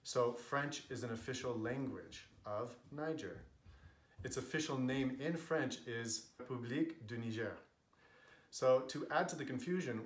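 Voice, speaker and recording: A man's voice: mid-range voice, echoey room. A man with an American accent explaining language points in a casual, earnest, chatty way, with many fillers. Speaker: language vlogger.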